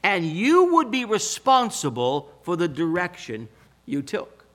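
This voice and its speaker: An older man preaching a sermon, telling stories with emphatic, animated delivery. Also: high-pitched, a little slow. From Pacific Northwest US. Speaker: pastor.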